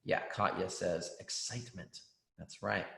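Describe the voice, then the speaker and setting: A man's voice: deep voice, unhurried, creaky, sharp tone. Man teaching a kids' class, roomy. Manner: encouraging, reads out student answers, frequent ums. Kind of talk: online writing class for kids. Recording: roomy echo.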